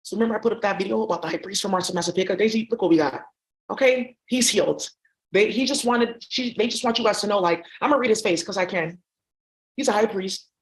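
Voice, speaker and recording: A woman's voice: mid-range voice, fast. A woman vlogger talking in a rambling, profane monologue that jumps between topics.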